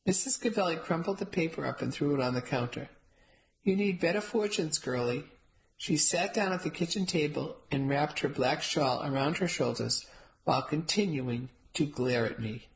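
A reader narrating a first-person novel in an even storytelling manner. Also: medium pitch, normal speed, creaky, rough recording. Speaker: audiobook narrator.

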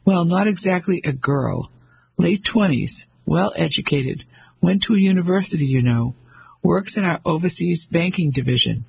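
A pompous 55-year-old banker, patronizing and blustering, as a man acts him out. The voice is very husky and gravelly, with a slightly raised pitch. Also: expressive, normal speed, full character voice, rough recording.

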